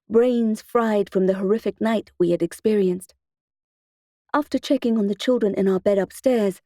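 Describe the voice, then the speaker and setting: A woman narrating a first-person audiobook in a steady, expressive storytelling manner into a close studio mic. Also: mid-range voice, no room sound.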